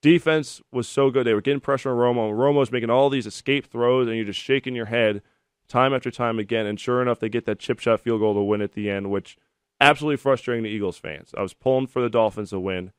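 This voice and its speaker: In his thirties, a man hosts a sports call-in radio show, chatting and telling stories between callers and getting animated during anecdotes. His mid-range voice is fast, clear, and resonant. The studio-microphone recording is studio quality with no echo.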